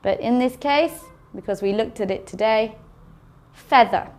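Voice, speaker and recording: Slow, careful phonics teacher, woman. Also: a little high, a little mellow. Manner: slow, careful enunciation of sounds. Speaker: English teacher. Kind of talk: phonics lesson.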